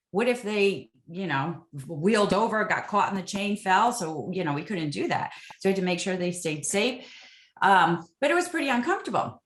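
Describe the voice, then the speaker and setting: A former military interrogator answers interview questions with stories, her mid-range voice carrying a roomy sound. She's animated and acts out the exchanges she quotes.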